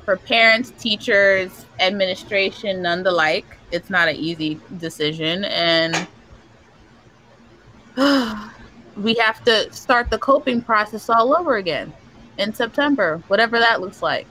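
A woman's voice: medium pitch, animated, measured pace, bright, forceful tone, a little hiss or hum, rough recording. A woman hosting a casual group chat among parents, telling stories and laughing often. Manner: laughs often, chatty storytelling. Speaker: parent support group host.

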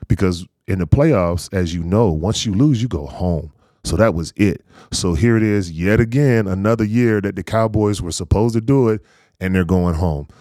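A man in his forties from North Carolina, a former pro football player, telling stories in an easygoing, animated way in an interview. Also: low voice, normal speed, dry recording, clean studio sound. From North Carolina, USA. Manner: easygoing, animated anecdotes with frequent laughs. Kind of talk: casual storytelling interview.

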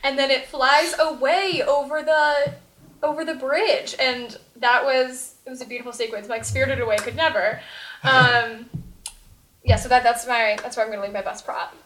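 Brief: female podcast co-host, bright, slightly high voice, roomy echo. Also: steady tone, moderate pace, slight background noise. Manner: chatty, acts out quoted lines. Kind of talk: casual movie podcast chat.

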